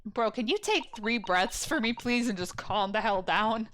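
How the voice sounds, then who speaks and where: A woman's voice: fairly high pitch, lively intonation, moderate pace, noisy background. A woman hosting a let's play, chatting casually and bluntly with joking asides, game music behind her.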